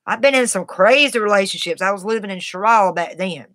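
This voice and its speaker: A woman's voice: mid-range voice, a little fast, a bit bright, no echo. Blunt, tough-talking woman telling a story. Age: adult, has a daughter. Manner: blunt and tough, Southern-sounding colloquial speech. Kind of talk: casual personal storytelling.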